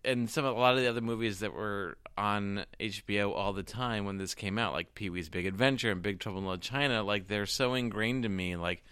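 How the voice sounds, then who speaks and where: Low bright-voiced man, dry close sound. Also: brisk, few pauses, clean tone, dry recording. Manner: rambling, self-interrupting. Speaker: podcast co-host. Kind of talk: casual chat.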